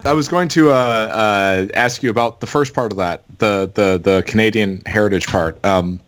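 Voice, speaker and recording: A man's voice: fairly low pitch, normal speed, no room sound. A man from Michigan interviewing a guest, asking long questions with hesitations. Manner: hesitant, many fillers and restarts. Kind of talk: casual interview.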